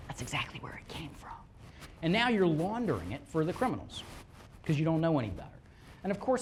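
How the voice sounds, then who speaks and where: Detective teaching a class, highly animated, swooping pitch, quizzes the room, slips into scammer voices. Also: a little hiss or hum. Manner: animated, fires rhetorical questions at the audience; acts out scammers' lines in quick put-on voices. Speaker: police fraud detective. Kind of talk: lively classroom presentation. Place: presentation room with a live audience.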